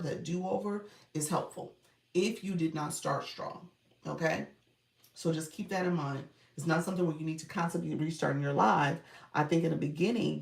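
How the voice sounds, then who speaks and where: A woman's voice: low-pitched, gravelly, darkish tone, far from the mic. A woman coaching viewers on a livestream in a chatty way, thanking them often and laughing easily. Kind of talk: live-stream coaching chat. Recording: echoey room, voice off-mic.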